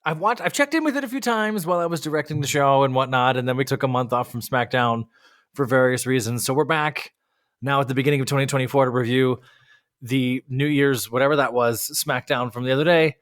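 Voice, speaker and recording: A man co-hosting a wrestling review podcast, talking casually and ranting in an animated, exasperated way with bursts of laughter. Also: mid-range voice, brisk. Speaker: podcast co-host.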